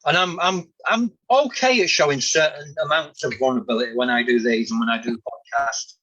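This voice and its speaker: A man's voice: mid-range voice, brisk, bright, forceful tone, husky. Man, podcast host, hesitant reflective talk, dull lo-fi recording. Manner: reflective, hesitant, many restarts. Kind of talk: candid casual chat.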